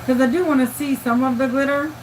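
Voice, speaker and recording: A woman's voice: sits high, steady tone, fast talker, a little hiss or hum, low-quality recording. A woman giving a casual hands-on crafting tutorial, chatty and thinking aloud as she works. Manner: chatty, thinks aloud, often gushes over the work. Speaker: crafter demonstrating epoxy tumbler making.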